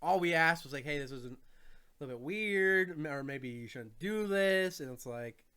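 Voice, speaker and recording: A male co-host on a stream, talking casually with frustration, halting and mocking in turns. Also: fairly high pitch, lively intonation, pushed and bright, clear, resonant tone.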